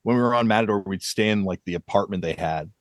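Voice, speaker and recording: A man with a fairly low voice hosts a podcast in loose, casual conversation. He tells long, rambling anecdotes and breaks into laughter easily. The sound is dry and close, with little room in it. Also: fast, no room sound. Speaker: podcast host.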